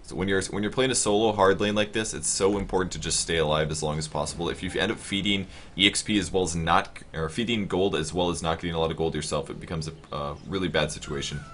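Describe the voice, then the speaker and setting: A man casting a video game match, calling the plays quickly and getting louder on big moments. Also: low voice, slight background noise. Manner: fast, rising to excited shouts on big plays. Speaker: esports caster. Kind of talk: play-by-play game commentary.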